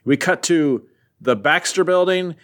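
A man's voice: fairly high pitch, unhurried. A young man casually retelling a comic book plot, rambling with lots of fillers and offhand jokes. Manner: rambling, filler-heavy, joking.

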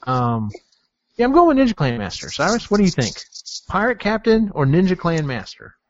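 A man's voice: sits high, sing-song, a little fast. A man hosting a casual group podcast, easygoing and joking, who puts questions to each guest and swears casually. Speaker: podcast host. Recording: dull lo-fi sound, dry.

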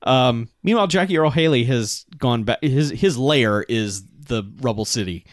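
Male co-host, very lively pitch, dry sound, giggly, throws in squeaky voices. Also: normal speed, no echo. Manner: laughs often, bursts into high squeaky character bits. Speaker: podcast co-host. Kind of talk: casual movie recap chat.

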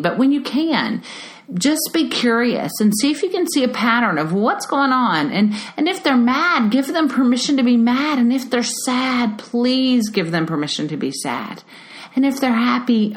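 A middle-aged woman talking earnestly to parents as an early childhood educator, lifting her voice for emphasis. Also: mid-range voice. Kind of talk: casual talk to parents. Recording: echoey room.

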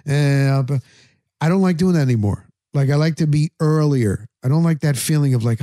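A man's voice: a little high, expressive, moderate pace, warm tone, no room sound, clean studio sound. A middle-aged man hosting a sports talk show, telling a story casually and acting out his own thoughts in quotes. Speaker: sports radio and podcast host.

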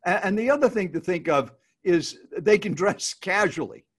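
A man's voice: high-pitched, animated, normal speed, husky. Upbeat man coaching on a video call. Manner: upbeat, instructive, repeats key points. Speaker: speaking coach guest. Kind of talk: casual advice on a video call.

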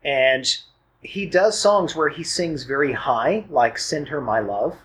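A man's voice: a little high, lively intonation, slow, fairly bright tone, breathy edge. A man co-hosting a music podcast, explaining songs in an easygoing, informative way and laughing often. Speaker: podcast co-host and producer. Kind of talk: casual music chat.

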